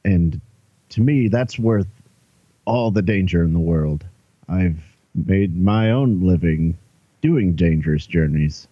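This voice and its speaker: Player: deep, dark-toned man, husky, dull dry recording. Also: animated, slow, dry recording. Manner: earnest, persuasive, with some hesitation. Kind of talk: in-character tabletop role-play.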